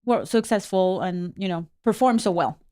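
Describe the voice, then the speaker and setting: A woman's voice: lowish voice, expressive, normal speed, dark tone, dry recording, studio quality. A woman whose first language is Spanish, co-hosting a podcast in casual, candid chat, with fillers and restarts. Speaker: podcast co-host.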